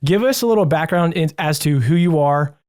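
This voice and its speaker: A man's voice: fairly high pitch, lively intonation, a little fast, a little mellow. A man hosting a podcast interview, upbeat, enthusiastic and jokey. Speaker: podcast host.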